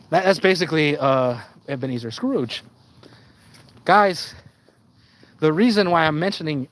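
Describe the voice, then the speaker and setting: A man's voice: on the high side, fairly bright tone, slight background noise, low-quality recording. A man ranting on a live stream, swearing and stumbling over his words as he repeats himself.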